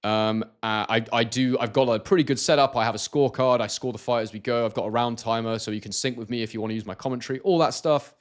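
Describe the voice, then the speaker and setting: Guy from scotland chatting on a live stream, mid pitch, lots of ums and restarts. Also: steady tone, fast, few pauses. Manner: hesitant, many fillers and restarts. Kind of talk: casual live-stream chat, reading viewer comments.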